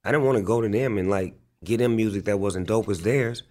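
A man's voice: lowish voice, fairly quick, darkish tone. A man, a rapper being interviewed, telling stories in a loose, profane way full of fillers. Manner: loose, profane, filler-heavy storytelling with frequent "like". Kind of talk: casual interview storytelling.

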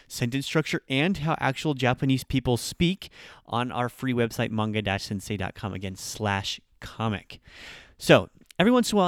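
A man hosting a short language-lesson podcast, energetic and chatty, with fillers as he explains. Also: mid-range voice, smooth, no room sound, clean studio sound. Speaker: podcast host and Japanese teacher.

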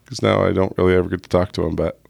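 A man hosting a podcast, chatting casually and reacting quickly to his guest. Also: low voice, flat delivery, gravelly, a little mellow, no echo, clean studio sound. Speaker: podcast host. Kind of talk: casual chat.

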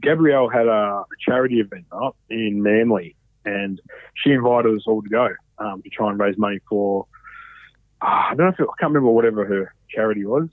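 A man's voice: on the low side, brisk, dry recording. Man, Australian accent, thirties, sweary rambling storyteller, dry close sound, narrow phone-like audio. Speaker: podcast guest. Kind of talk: casual chat.

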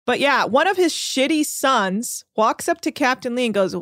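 Animated, swearing woman podcast host. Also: a little high, unhurried, hardly any pauses, no room sound, studio quality. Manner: animated storytelling, swears freely, acts out quotes. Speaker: podcast host recapping a reality show. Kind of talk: casual chat.

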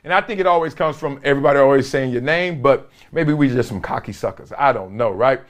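A man's voice: medium pitch, fast talker. A middle-aged man hosting a sports talk show, commenting casually and playfully, laughing often and mimicking coaches.

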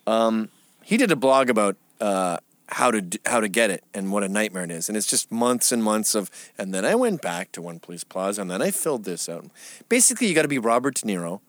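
A man's voice: lowish voice, a little fast, no room sound. A man from England, a studio guest telling stories in casual, profane interview chat. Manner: profane, animated storytelling. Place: media studio.

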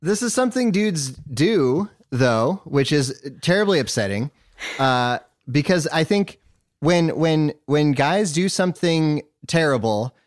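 A man in casual chat who talks haltingly, with many "uh"s and restarts. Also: a little high, expressive, dry recording, studio quality.

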